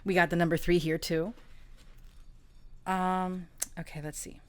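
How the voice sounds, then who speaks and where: A woman's voice: fairly low pitch, little pitch movement, unhurried, pauses often. A woman giving a casual tarot reading, effusive and emotional, often laughing as she reads the cards aloud. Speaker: tarot reader.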